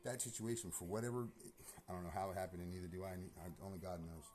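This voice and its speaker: Low voiced guy ranting fast, lots of cussing and repeating himself. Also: steady tone, darkish tone, faint music behind. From California. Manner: agitated, repetitive, heavy swearing and fillers. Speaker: vlogger. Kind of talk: rambling personal monologue.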